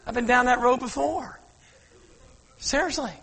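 Man, preacher, animated story sermon, high voice, husky edge, long church-hall reverb. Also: unhurried. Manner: animated, asks the crowd "Amen?", often says "now watch".

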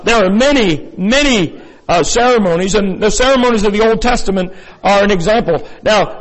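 A man's voice: high-pitched, in a large hall, poor audio. A man preaching a sermon as pastor, in a folksy, rambling way with many fillers and asides. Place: church sanctuary.

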